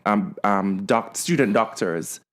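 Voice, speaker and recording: A man's voice: lowish voice, slow, fairly bright tone. Man telling a story on a podcast. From Canada. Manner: storytelling, many restarts and fillers. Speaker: podcast co-host. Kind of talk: casual podcast chat.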